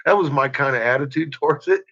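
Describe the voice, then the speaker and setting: A man's voice: fairly high pitch, quick pace, a bit bright. A man in casual chat who keeps breaking into laughter, with a crude, profane manner. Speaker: podcast host. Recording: dull lo-fi recording.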